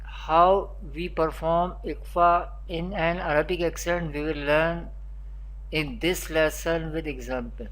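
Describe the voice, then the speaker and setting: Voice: medium pitch, steady tone, slow, a bit bright. A Quran teacher giving a beginner recitation lesson, naming letters one at a time and repeating spelling drills. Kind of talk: recorded beginner pronunciation lesson.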